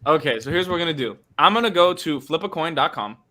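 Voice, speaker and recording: A man co-hosting a casual sports talk show, making dry, deadpan jokes. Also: fairly high pitch, fast. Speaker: show co-host.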